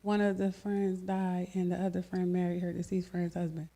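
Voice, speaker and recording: A woman co-hosting a radio talk show, telling stories in a blunt, profane, animated way. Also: fairly low pitch, moderate pace. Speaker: radio co-host. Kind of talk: casual chat.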